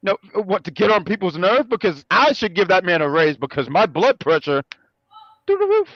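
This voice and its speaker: A man co-hosting a casual review chat, animated and joking, often correcting himself. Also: sits high, a little fast, dry recording, lo-fi sound. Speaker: co-host.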